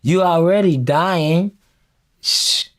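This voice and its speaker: Slow, slangy young-sounding male guest. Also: on the high side, a bit bright. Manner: laid-back, slangy, unhurried. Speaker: guest, rapper. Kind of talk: casual interview chat.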